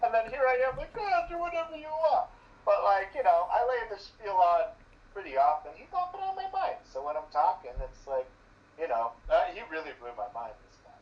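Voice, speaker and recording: A man's voice: high-pitched, big pitch swings, fairly quick. A man as a guest in a casual chat, talking enthusiastically and rambling with many filler words. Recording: distant dull lo-fi mic with faint noise.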